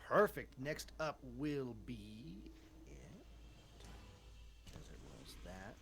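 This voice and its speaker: An upbeat man running a tabletop game as dungeon master, his pitch swinging freely as he narrates and cheers on his players. He speaks at an everyday middle pitch and keeps things encouraging. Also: big pitch swings, slow pace, creaky, a bit bright.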